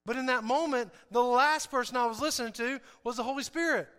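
A man preaching a sermon as pastor, animated and emphatic, often repeating his key phrases. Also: very high-pitched, fairly quick, clean tone, long reverb tail.

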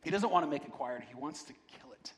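A male pastor preaching in a loose, conversational style, often checking in with his listeners. His voice sits fairly high for a man. A long reverb rings around him as in a large hall. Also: lively intonation, quick pace. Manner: conversational, repeats "right?", restarts words. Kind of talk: sermon.

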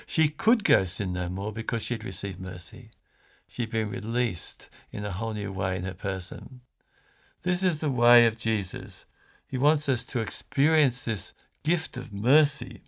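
Male priest, gravelly voice, sermon; storytelling delivery, restarts and fillers. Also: medium pitch.

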